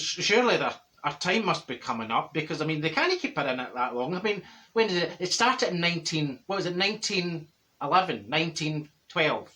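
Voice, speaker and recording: A man's voice: a little high, pushed and bright. A man voicing a chatty, brash middle-aged Glasgow woman with a Glaswegian Scottish accent, telling gossipy stories to camera in an exaggerated comic manner. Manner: gossipy, exaggerated, bursts of laughter, theatrical outbursts. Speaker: comedy character monologue. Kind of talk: comic character monologue to camera.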